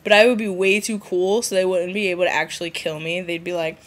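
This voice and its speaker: A woman vlogging casually, rambling and giggly, with sudden high jumps when she mimics others. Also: steady tone, a little fast. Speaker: vlogger answering a viewer challenge. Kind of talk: casual rambling vlog chat.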